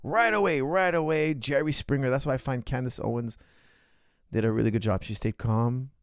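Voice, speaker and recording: A martial arts coach hosting a show offers casual reaction commentary in short, repeated bursts. His mid-range voice is clear, resonant and somewhat dark, with fairly even intonation at a moderate pace, recorded dry with studio quality.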